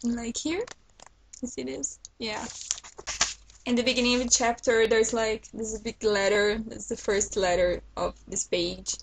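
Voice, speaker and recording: A woman's voice: on the high side, fairly even intonation, measured pace, vocal fry, a little hiss or hum, low-quality recording. A woman vlogger chatting casually to her viewers about new books, enthusiastic and talkative. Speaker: book vlogger. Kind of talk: casual book haul chat to camera.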